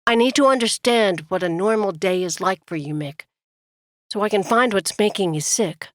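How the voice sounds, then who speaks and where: A woman voicing a gentle frontier doctor. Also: medium pitch, normal speed, dry recording, studio quality, close to an everyday voice. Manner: calm, earnest questioning.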